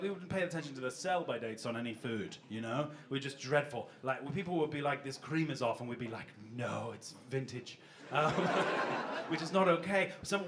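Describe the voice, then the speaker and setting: A man doing a rambling, self-deprecating stand-up set, chatting with the audience from a club stage. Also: fairly high pitch. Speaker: stand-up comedian. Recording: live club with loud crowd laughter. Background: audience laughing.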